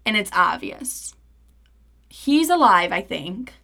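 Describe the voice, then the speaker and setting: A young woman hosting a podcast, telling a story in casual, animated, profane chat and acting out the quoted dialogue. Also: medium pitch, slow. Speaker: podcast host.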